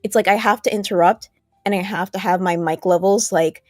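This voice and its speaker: A woman's voice: mid-range voice, steady tone, fairly quick, darkish tone, dry recording, clean studio sound, faint music behind. Hesitant woman with a lisp. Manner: hesitant, many fillers and trailing thoughts. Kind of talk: casual livestream chat. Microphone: large desk mic.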